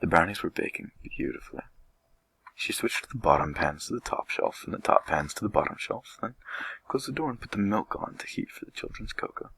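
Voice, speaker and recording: A man reads a children's chapter book aloud, gentle and unhurried. His voice is very low with a gravelly, husky texture yet a bright edge, recorded close and dry. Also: sing-song, no room sound, low-quality recording. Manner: gentle, unhurried reading with light voices for characters. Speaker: storyteller.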